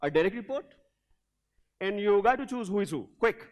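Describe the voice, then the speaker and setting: High-voiced energetic male keynote coach. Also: moderate pace. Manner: energetic, storytelling, drives audience participation. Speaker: leadership coach, keynote speaker. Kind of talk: motivational keynote with audience call-and-response. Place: hotel event hall before a large audience.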